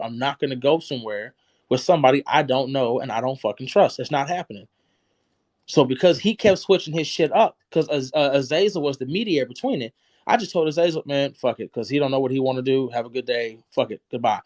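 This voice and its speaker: A man's voice: a little high, expressive, a little fast, darkish tone, no echo. A man hosting a livestream, arguing bluntly and profanely and cutting in to finish his point. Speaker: livestream host. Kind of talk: heated livestream argument.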